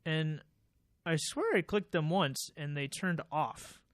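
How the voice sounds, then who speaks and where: A man's voice: on the high side, expressive, slow pace, no room sound. Chatty young man, dry studio sound. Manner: chatty storyteller, laughs often. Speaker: podcast co-host. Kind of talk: casual chat. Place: small studio. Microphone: desk mic.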